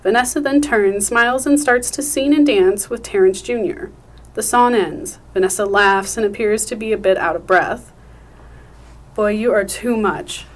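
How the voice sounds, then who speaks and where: A woman hosting a podcast, chatting and reading stage directions in a friendly, clear way. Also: mid-range voice, moderate pace. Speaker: podcast host.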